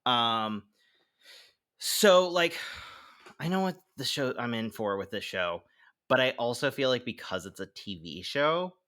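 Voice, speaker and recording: A man's voice: mid-range voice, unhurried, long pauses. A man co-hosting a podcast, chatting casually about TV and games and often laughing. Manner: animated, laughs often, quotes himself in funny voices. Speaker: podcast co-host. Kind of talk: casual chat.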